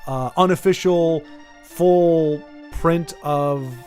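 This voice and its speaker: High-voiced man chatting on a stream. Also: extremely slow, a little mellow, faint music behind. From United States. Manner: rambling and jokey, talking straight to viewers by name. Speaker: livestreamer talking to chat. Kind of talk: casual livestream chat.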